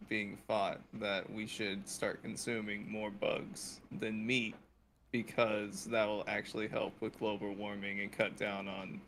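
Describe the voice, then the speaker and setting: Gravelly low-voiced man. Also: flat delivery, measured pace, a bit bright, slight background noise. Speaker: podcast co-host. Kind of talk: casual chat.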